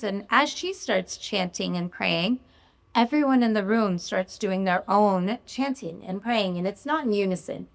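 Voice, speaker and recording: A woman's voice: medium pitch, a little slow. A woman physician performing a live story, emotional, confessional and vivid.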